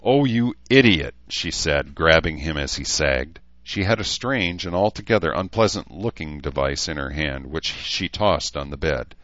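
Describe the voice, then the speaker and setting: A man reading an audiobook as narrator with steady, even storytelling. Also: rumbling low, moderate pace, few pauses, no room sound. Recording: dull lo-fi dry recording.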